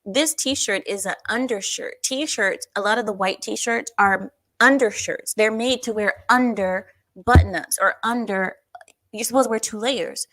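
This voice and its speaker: A woman hosting a livestream, chatting casually and reading out viewer comments in an animated, talkative way. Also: mid-range voice, a little slow, dry recording. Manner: chatty, animated, breaks into silly voices and laughs. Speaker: livestream host.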